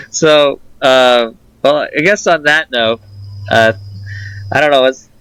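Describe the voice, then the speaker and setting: A man's voice: medium pitch, fairly bright tone, smooth, no room sound, poor audio. A man co-hosting a casual movie podcast, talking hesitantly with many fillers. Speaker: podcast co-host.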